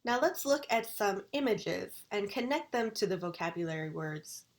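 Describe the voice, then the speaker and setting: A woman university English lecturer recording a video lesson, enunciating vocabulary words slowly and deliberately. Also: mid-range voice, expressive.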